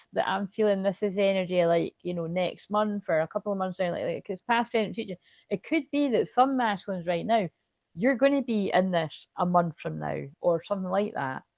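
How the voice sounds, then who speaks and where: Excitable, foul-mouthed woman reading tarot. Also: medium pitch, no room sound. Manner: chatty, excitable, swears freely, thinks aloud. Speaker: tarot reader. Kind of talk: casual tarot reading to camera.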